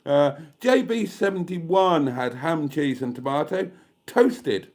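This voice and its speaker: A man's voice: fairly high pitch, lively intonation, slow, a little mellow. A man from Britain hosting a casual live stream, reading out viewer comments in a chatty, self-mocking, camp way. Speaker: YouTube live stream host. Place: indoors at home.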